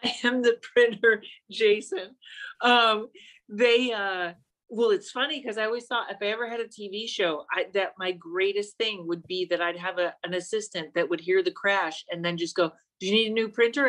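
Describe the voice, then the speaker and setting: A woman who works as a psychic, appearing as a podcast guest and telling playful, animated stories in a chatty way. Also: mid-range voice, moderate pace. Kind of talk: casual conversational chat.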